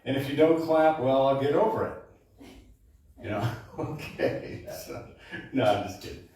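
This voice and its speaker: A man's voice: medium pitch, expressive, measured pace, warm tone, slight background noise. Chatty man onstage in an echoey room. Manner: chatty, keeps checking in with "okay?". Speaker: baritone singer introducing his show. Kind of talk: stage introduction to a live audience. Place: supper club performance room. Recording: echoey room, distant mic.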